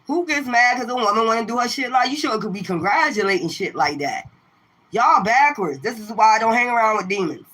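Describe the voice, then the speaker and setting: A tarot reader on a livestream rants straight at her viewers in a sharp, forceful, fairly high and expressive voice, talking a little fast. She swears heavily and keeps returning to combative rhetorical questions, profane and confrontational throughout.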